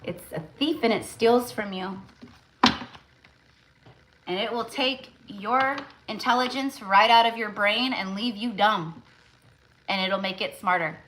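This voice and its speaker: A woman's voice: mid-range voice, unhurried, long pauses, noisy background. A woman tarot reader hosting a casual live stream, talking emphatically with lots of repetition and fillers.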